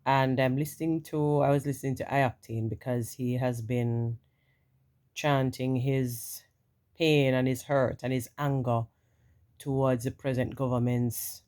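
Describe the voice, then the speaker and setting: A woman with a Jamaican accent and a naturally deep voice, froggy and rough from the morning, rambling casually to her followers with many "you know"s. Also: steady tone, unhurried, a little mellow. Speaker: vlogger. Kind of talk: casual talking-to-camera monologue.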